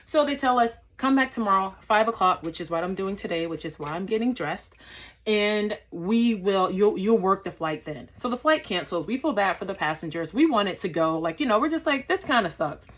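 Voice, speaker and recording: A woman's voice: mid-range voice, expressive, a little fast. A young woman, a flight attendant, telling a travel story in a casual vlog, acting out her own lines and using lots of fillers.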